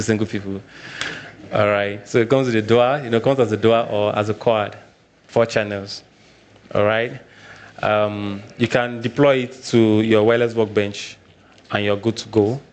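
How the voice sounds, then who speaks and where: Nigerian male presenter, lowish voice, repeats himself, casual live workshop delivery. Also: level tone, normal speed, clear, resonant tone. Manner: repeats points, frequent "all right" check-ins.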